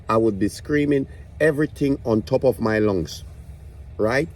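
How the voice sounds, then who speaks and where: A man's voice: mid-range voice, moderate pace, darkish tone. A man telling a stand-up story about his grandma, swearing and ranting in exasperation. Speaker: comedian.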